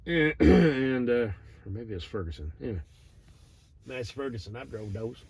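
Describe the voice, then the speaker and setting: A middle-aged man telling a rambling, digressive story in a profane, deadpan way. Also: mid-range voice, moderate pace, vocal fry, slight background noise. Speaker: vlogger. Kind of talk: rambling monologue.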